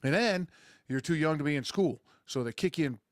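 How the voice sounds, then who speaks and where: A man's voice: on the high side, expressive, brisk, no echo, studio quality. Crude, rambling sarcastic man podcasting. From rural United States. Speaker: podcast host. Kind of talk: casual monologue.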